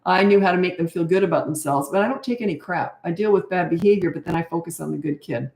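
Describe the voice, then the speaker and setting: A woman's voice: lowish voice, quick pace, darkish tone. An older woman, a parenting coach, answering viewer questions with casual advice in a chatty, emphatic way and drifting into anecdotes. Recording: roomy echo.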